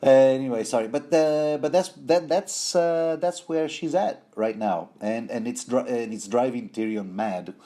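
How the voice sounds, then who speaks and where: A man's voice: mid-range voice, a little slow, few pauses, dark tone. A man giving a rambling, playful book commentary, full of fillers, restarts and self-corrections.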